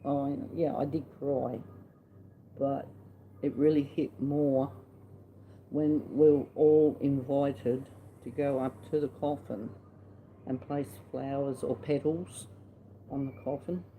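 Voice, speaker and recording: Australian man, middle-aged, very dark mellow voice, blunt chatty storyteller, faint hiss behind. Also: mid-range voice, fairly even intonation, takes it slowly, long pauses, rough recording. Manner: blunt, salty and chatty, retelling conversations. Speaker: vlogger. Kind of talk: casual storytelling.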